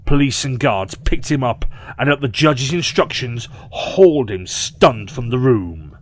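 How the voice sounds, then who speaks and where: A man narrating an audio short story in a measured, expressive way. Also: medium pitch.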